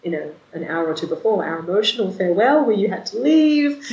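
A woman tells a story in a relaxed chat, animated and quick to laugh, jumping into the voices of the people she quotes. Her medium-pitched voice sits in a roomy space with a noticeable echo. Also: highs cut off, over a noisy crowd. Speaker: storyteller in a conversation. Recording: roomy echoey recording.

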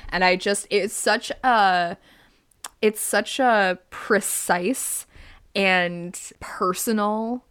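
A woman in casual conversation about a book, animated and laughing often, reading quotes aloud. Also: medium pitch, extremely slow, smooth. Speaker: book discussion co-host. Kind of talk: casual chat.

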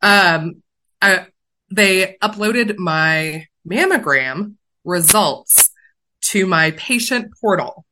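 A woman on a podcast telling a personal story in casual chat, animated and self-mocking, swinging quickly between worry and laughter. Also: fairly low pitch, poor audio. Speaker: podcast co-host.

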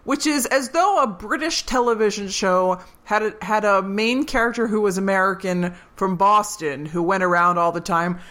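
A young woman co-hosting a podcast in casual chat, talkative and quick to laugh. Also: medium pitch, a bit bright. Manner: chatty, laughs often, quick asides. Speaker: podcast co-host.

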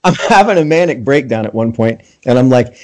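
A man's voice: mid-range voice, expressive, fairly quick. Enthusiastic laughing podcast host, a man. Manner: enthusiastic, laughing often, acting out his own thoughts as quotes. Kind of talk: casual interview chat.

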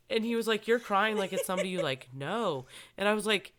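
A woman in a casual chat with a bright, forceful tone and a clean, smooth voice. She tells stories in an animated way and plays her own sobbing for laughs. A cold has left her slightly congested. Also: lowish voice, moderate pace.

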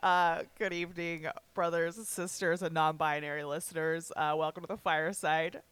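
A woman's voice: low-pitched, fairly even intonation, normal speed, a bit bright, clear, resonant tone, no room sound. A woman hosting a casual podcast, teasing her guest and giggling between fillers. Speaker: podcast host.

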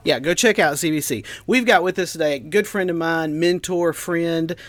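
A man's voice: fairly high pitch, moderate pace, fairly bright tone, no room sound. A man co-hosting a podcast in easygoing casual chat, laughing along with his partner. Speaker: podcast co-host.

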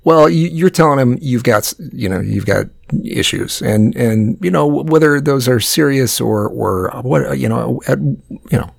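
A man's voice: mid-range voice, measured pace, creaky, husky, no echo, clean studio sound. A man in casual chat making wry, teasing comments.

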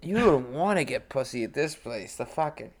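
A cocky, profane man talking. He boasts and needles his co-host in loose podcast banter, his voice sitting at a plain middle pitch. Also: animated, moderate pace, a crowd in the background. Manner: brash, profane, swaggering. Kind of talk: crude casual podcast banter.

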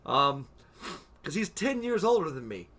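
A man's voice: a little high, big pitch swings, a little slow, bright, forceful tone. A young man in casual chat with friends, stammering through restarts and swearing freely as he gets worked up.

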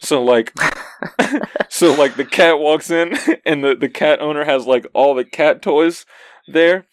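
A man's voice: a little high, unhurried. A man co-hosting a casual podcast chat, slangy and laughing often as he talks. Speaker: podcast co-host.

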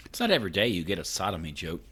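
A man co-hosting a podcast, chatting casually and rambling through animated anecdotes. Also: deep voice, rapid-fire, slightly rough. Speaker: podcast co-host. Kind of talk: casual chat.

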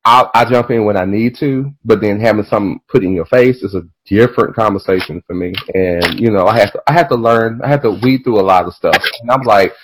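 A man hosting a podcast in casual chat, animated and profane, drifting into tangents and laughing as he talks. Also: on the low side, brisk, few pauses, poor audio. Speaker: podcast host.

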